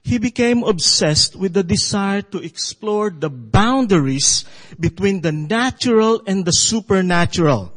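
High-voiced preacher, slow and halting. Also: male voice, big-room sound, poor audio. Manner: halting, calls for amens. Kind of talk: sermon with storytelling.

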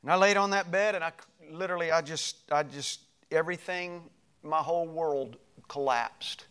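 A middle-aged male pastor telling a personal story in a sermon, animated and moving between loud passages and hushed ones. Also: on the high side, moderate pace, clean tone.

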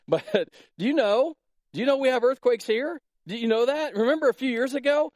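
A man preaching a sermon as pastor in Iowa, in a casual, joking way with animated stories. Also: very high-pitched, a little fast, no echo, studio quality. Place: church in Iowa.

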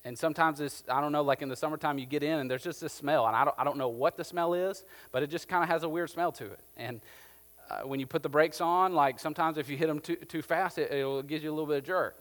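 A man's voice: a little high, fast talker, in a large hall. A man preaching a sermon as pastor, talking casually and telling stories with a lot of "like". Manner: conversational, animated storytelling with filler "like".

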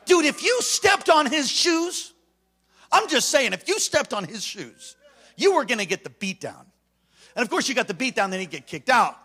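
Bright-voiced storytelling preacher, a man. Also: very high voice, big pitch swings, moderate pace, slightly rough. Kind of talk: sermon.

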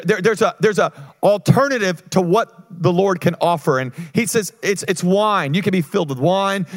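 A male pastor preaching a sermon, energetic, with call-and-response and quick restarts. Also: high voice.

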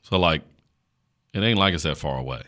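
A man from rural North Carolina, a pastor talking on a podcast in a slow country drawl and checking in with "right?". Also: a bass voice, expressive, pushed and bright. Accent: rural North Carolina Southern. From North Carolina, USA. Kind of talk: casual podcast chat.

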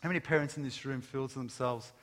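A man's voice: medium pitch, fairly even intonation, fast, a bit bright. A man preaching a sermon to a room of listeners, speaking emphatically, posing rhetorical questions and stressing words one by one in lists. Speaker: pastor. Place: large room with an audience. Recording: long reverb of a large hall.

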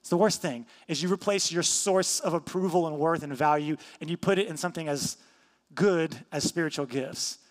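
A man's voice: a little high, moderate pace, in a large hall. A man preaching a sermon as pastor, teaching emphatically, repeating key points and asking rhetorical questions.

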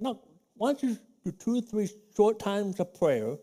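A man preaching a sermon as pastor of a church, teaching in a practical, conversational way and acting out his own prayers in a hushed voice. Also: sits high, very animated, moderate pace. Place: church sanctuary.

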